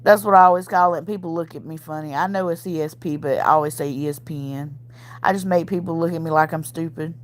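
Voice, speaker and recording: A woman's voice: sits low, fairly even intonation, fast. A woman with a Southern US accent hosts a casual livestream, chatting with viewers, calling them y'all and laughing often. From Mississippi, US. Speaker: livestream host reading chat. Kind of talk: casual chat.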